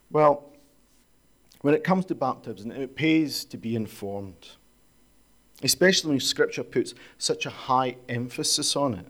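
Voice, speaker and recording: Conversational male preacher. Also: mid-range voice. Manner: conversational, rhetorical questions, storytelling. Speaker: pastor. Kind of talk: sermon.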